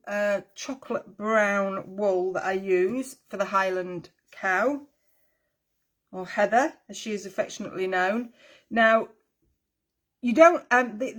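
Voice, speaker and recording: A woman teaching a craft tutorial in a chatty, friendly way, with rambling asides and frequent ums. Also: mid-range voice. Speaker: needle felting teacher.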